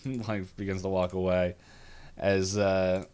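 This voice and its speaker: Male co-host, lowish voice, chatty and giggly, does funny voices for quotes. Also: flat delivery, a little slow, darkish tone, clean tone. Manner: chatty, laughs often, acts out quotes in silly voices. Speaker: podcast co-host. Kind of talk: casual chat recapping a cartoon episode. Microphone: video call or webcam setup.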